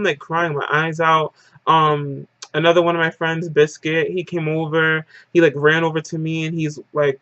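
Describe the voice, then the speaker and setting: A woman's voice: sits low, steady tone, normal speed, fairly bright tone, dry recording, lo-fi sound. A woman vlogger telling a casual story-time monologue, rambling and dramatic, with "like" in nearly every phrase. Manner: dramatic retelling.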